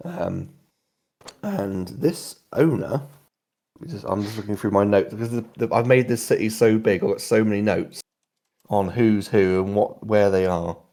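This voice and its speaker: A man narrating as game master of a tabletop game, rambling and halting with many ums. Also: lowish voice, warm tone.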